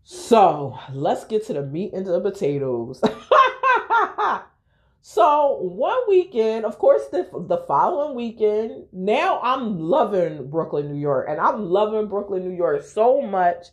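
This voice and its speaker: A woman's voice: mid-range voice, very animated, slow, a little mellow. A young woman hosting a podcast, telling a personal story in a frank, profane, candid way. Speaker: podcast host.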